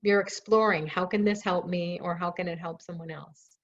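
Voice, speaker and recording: A woman's voice: fairly low pitch, steady tone, moderate pace. Chatty woman hosting a lo-fi live Q&A. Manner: chatty and reassuring, with self-teasing jokes. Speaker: live show host answering viewer questions. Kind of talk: casual live Q&A. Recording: dull lo-fi stream audio.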